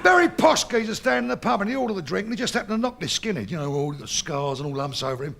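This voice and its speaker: A boisterous Cockney comedian tells crude pub jokes and laughs at his own punchlines. His voice is high and gravelly, swinging widely in pitch. It sounds bright and forceful. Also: animated, racing. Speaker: stand-up comedian. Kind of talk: bawdy stand-up joke telling.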